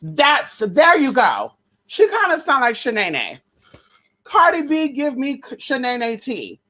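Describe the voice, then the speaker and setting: A woman's voice: wildly swooping pitch, slow, sharp tone. Brash, profane woman ranting sassily. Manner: brash, profane and sassy, with pet names; mocks others in a shrill high voice. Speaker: vlogger. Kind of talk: casual gossip rant.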